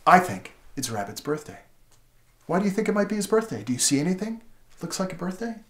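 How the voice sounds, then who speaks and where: A man's voice: high voice, fast. A playful man reads a picture book aloud as if to a small child, asking question after question in a voice that leaps all over its range. The room gives him a roomy, echoing sound. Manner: playful, asks the listener many questions; animated, gasps and laughs in surprise. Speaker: literacy educator. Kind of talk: demonstrating reading aloud to a child. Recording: roomy echo.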